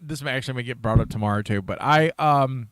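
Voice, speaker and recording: A young man co-hosting a casual podcast chat, talking in an animated, rambling way with many restarts. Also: mid-range voice, fast talker, no room sound. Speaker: podcast co-host.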